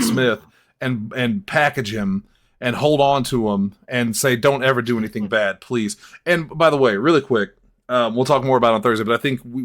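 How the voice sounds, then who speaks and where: Joking, energetic podcast host man. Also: medium pitch. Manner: joking and energetic, laughing often. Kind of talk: casual comedic movie-review podcast chat.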